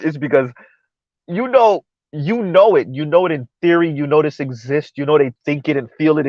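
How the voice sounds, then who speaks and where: A man hosting a live-stream commentary show, talking in an animated, incredulous way, repeating words and restarting sentences. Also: on the high side, no room sound, lo-fi sound.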